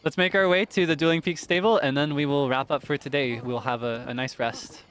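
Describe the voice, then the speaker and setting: A man's voice: fairly high pitch, fairly even intonation, fairly quick, a bit bright, a little hiss or hum. A man streaming a video game, chatting casually in a playful way and laughing often. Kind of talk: casual gameplay commentary.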